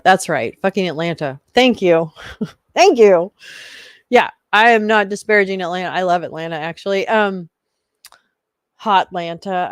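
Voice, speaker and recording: A woman's voice: mid-range voice, dry recording, clean studio sound. A woman hosting a live stream, rambling through casual commentary, swearing freely and laughing often. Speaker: livestream host.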